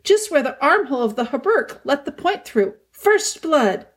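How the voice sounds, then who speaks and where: A woman's voice: high-pitched, very animated, normal speed, voice pushed up. A woman voicing an earnest young prince who speaks anxiously. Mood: worried.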